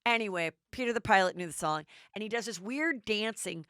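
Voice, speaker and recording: A middle-aged woman hosting a podcast, recapping reality TV in a chatty, animated way. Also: mid-range voice, fairly quick, no room sound, clean studio sound. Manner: chatty, animated, does voices. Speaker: podcast host.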